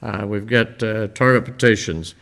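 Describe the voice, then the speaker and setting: An older man speaking informally to a church congregation, telling stories in a folksy, rambling way with many pauses. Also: on the low side, gravelly, fairly bright tone. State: emotional, voice dropping. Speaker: visiting church-building minister.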